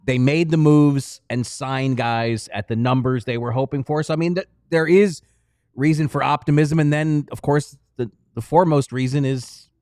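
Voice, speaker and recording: A man co-hosting a sports podcast, explaining in a measured, detailed way. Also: medium pitch, a little mellow, no echo, studio quality. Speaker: podcast co-host. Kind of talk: casual sports podcast analysis.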